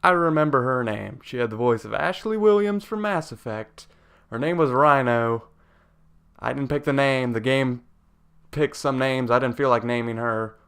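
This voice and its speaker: A man's voice: mid-range voice, animated, moderate pace, fairly bright tone, clean tone. Young man ranting in a game review. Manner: rambling, profane, jokey rants. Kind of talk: casual video game review.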